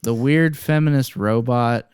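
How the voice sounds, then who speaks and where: A man's voice: medium pitch, measured pace, a little mellow, clean tone, no room sound, clean studio sound. A young man co-hosting a casual podcast chat, giving opinions hesitantly with frequent restarts. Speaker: podcast co-host.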